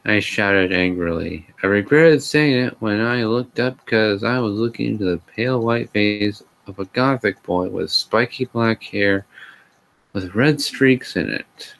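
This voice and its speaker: A man's voice: fairly low pitch, unhurried, vocal fry, a bit bright. A man hosting a sarcastic comedic live reading, with exasperated sighs and asides. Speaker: host reading a fan fiction aloud.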